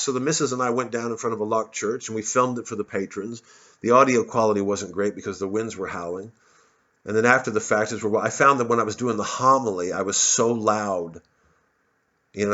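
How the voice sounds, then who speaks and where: A man's voice: on the low side, a bit bright, highs cut off. A man ranting angrily to his phone camera, swearing and stumbling over repeated words. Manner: angry, profane, stammering repetitions. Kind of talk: casual rant. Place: outdoors, smoking a cigarette. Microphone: phone propped on a bottle.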